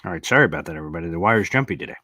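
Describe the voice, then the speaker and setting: A young adult man hosting a casual live-stream chat, reading viewer comments aloud and rambling into animated stories. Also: deep voice, rapid-fire, no room sound, clean studio sound. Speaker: live show host.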